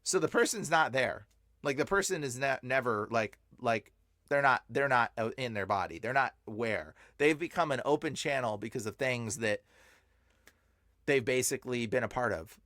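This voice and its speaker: A man, a podcast guest, telling stories in a rambling, animated way, full of fillers and laughing as he talks. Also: mid-range voice, moderate pace, no room sound, clean studio sound. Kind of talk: casual storytelling.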